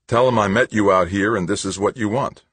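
A man voicing a tenacious, gentle male scientist in an audiobook, wry and questioning. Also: fairly low pitch, brisk, breathy edge, no echo, voice pushed up.

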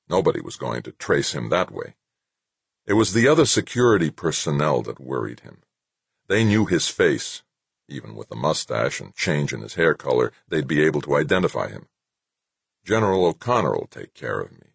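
A man narrating an audiobook in a steady, even storytelling manner. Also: extremely low pitch, creaky, breathy edge, dry recording. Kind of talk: scripted narration.

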